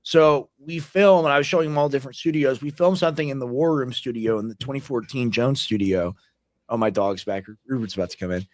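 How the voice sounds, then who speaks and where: A man's voice: medium pitch, quick pace, no echo. A man co-hosting a casual livestream chat, rambling and leaning hard on "like" as filler. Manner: rambling, heavy use of "like" fillers. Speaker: co-host.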